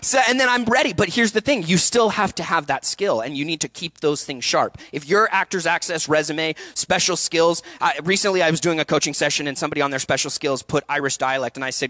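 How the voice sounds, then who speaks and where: A man in his thirties giving a passionate, animated talk to actors at a festival session. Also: sits high, dry recording. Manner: passionate, animated, quick bursts with laughs. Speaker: acting coach speaking at a festival session. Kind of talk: energetic workshop talk. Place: event hall before an audience.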